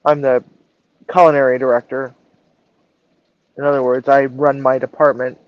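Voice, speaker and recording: A woman's voice: rumbling low, flat delivery, normal speed, dull audio. A woman chef telling a story in a casual live stream, acting out the dialogue and swearing freely. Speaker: chef and culinary director.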